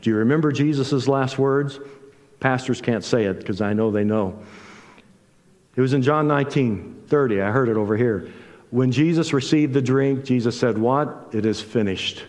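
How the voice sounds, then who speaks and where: A man's voice: medium pitch, moderate pace. Older guy preaching, acts out the story, big churchy reverb. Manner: animated, acts out dialogue with rising intensity. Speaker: guest preacher. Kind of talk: sermon with storytelling. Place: church sanctuary. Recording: long hall reverb from a church.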